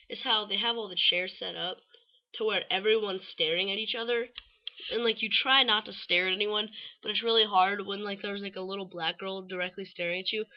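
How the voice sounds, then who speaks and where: A woman's voice: medium pitch, dull audio. A teenage girl vlogging in a casual, rambling way, full of fillers and offhand swearing. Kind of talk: casual rambling chat to camera.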